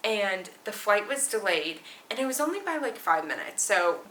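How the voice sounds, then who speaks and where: Bright valley-girl woman in echoey room. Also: mid-range voice, very animated, a little hiss or hum. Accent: Southern California valley girl. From California, USA. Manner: chatty, fast-flowing, many likes and oh my goshes. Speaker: flight attendant vlogger. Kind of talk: casual chat to camera. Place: small hotel quarantine room.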